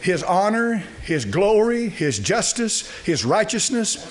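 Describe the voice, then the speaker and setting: A man's voice: sits high, sing-song, takes it slowly. A male pastor, preaching an emphatic, folksy sermon full of rhetorical questions.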